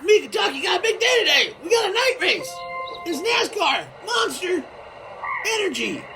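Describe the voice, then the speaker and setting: Toy voice: a woman doing a high, giddy puzzle-piece state, shouting about race day, music under it. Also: sing-song, normal speed. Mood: excited.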